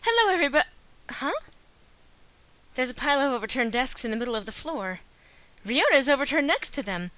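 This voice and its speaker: A woman reading a dating-sim game aloud as a let's player, adding wry, deadpan asides. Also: high voice, normal speed, long pauses, dry recording. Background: game music.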